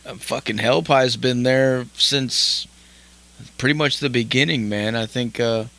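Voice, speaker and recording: Brash, bright-voiced male radio host. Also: medium pitch, fairly even intonation, unhurried. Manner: laid-back, swears freely, laughs often. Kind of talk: casual radio interview chat.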